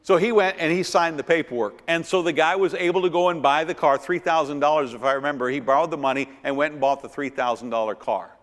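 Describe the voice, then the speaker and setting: A middle-aged pastor talks fast and barely pauses while teaching a church finance seminar, his voice fairly high and fairly bright. He repeats words for emphasis and asks the audience rhetorical questions, and the church hall adds a long echo.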